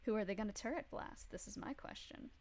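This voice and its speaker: A woman narrating a tabletop role-playing session as game master, casual and quick to laugh. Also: mid-range voice. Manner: casual, laughs often, lots of fillers.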